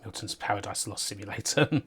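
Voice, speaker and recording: A woman's voice: a bass voice, a little fast, husky. A woman streaming retro games, chatting casually in a sardonic, sweary way and laughing often. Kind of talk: casual live commentary.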